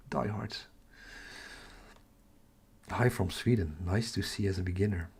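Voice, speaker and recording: Slow and gravelly, a Dutch-accented man from the Netherlands speaks at medium pitch with a slightly mellow quality. Hosting a casual astrophotography livestream, he reads comments, chats, and mutters to himself as he tracks captures.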